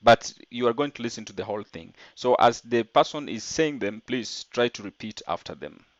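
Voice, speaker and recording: A man's voice: mid-range voice, expressive, moderate pace, muffled recording. Man teaching French step by step. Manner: explains step by step, translating French phrases into English. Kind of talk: online language lesson.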